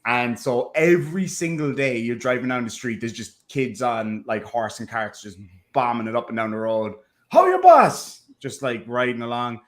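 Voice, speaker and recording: A man with an Irish accent worn down by years away, chatting casually as a podcast co-host and telling lively stories. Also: medium pitch, moderate pace, few pauses. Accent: Irish, softened by living in America. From Ireland. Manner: chatty storyteller, animated, slipping into impressions. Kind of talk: casual chat.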